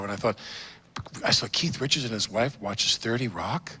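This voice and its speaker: Man giving a comic anecdotal toast, very bright tone, hall reverb with a faint crowd. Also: mid-range voice, a little fast, breathy edge. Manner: storytelling with comic timing. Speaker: toast speaker at a tribute event. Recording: roomy hall reverb, audience and noise.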